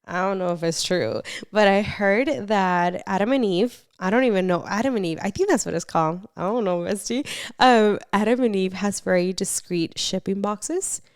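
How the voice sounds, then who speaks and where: A young woman hosting a casual advice podcast, chatty and animated, reading confessions and swearing casually. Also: medium pitch, normal speed, clean tone, no room sound, studio quality. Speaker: podcast host.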